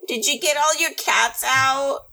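A woman's voice: measured pace, creaky, pushed and bright, full character voice. A woman voicing a vain, dramatic, spoiled rich teenage girl who wails and gushes theatrically. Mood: frantic. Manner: shrill, theatrical wailing and gushing.

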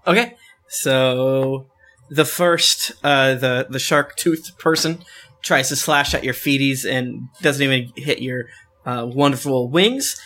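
A man's voice: mid-range voice, takes it slowly, sharp tone. A man running a tabletop game as game master, playful and rambling, with many restarts and fillers. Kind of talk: narrating a tabletop game session.

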